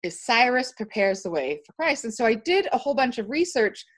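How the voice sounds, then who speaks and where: A woman with a fairly high voice tells a long personal story in conversation. She is animated and emphatic, circles back with restarts and repeats, and presses hard on key points. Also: fairly quick. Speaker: interview guest.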